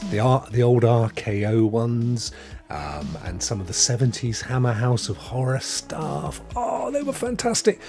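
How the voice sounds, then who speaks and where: A man's voice: mid-range voice, big pitch swings, unhurried, music in the background. A middle-aged man hosting a live stream, chatting and greeting viewers by name. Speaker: host. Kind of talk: live-stream chat reading viewer comments.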